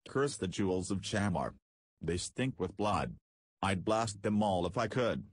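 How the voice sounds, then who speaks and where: A man reads a young spaceman driven by grief and anger. He talks low and husky, in a bitter, determined tone, recorded dry and close. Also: expressive, unhurried, dry recording, heavily acted. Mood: scornful.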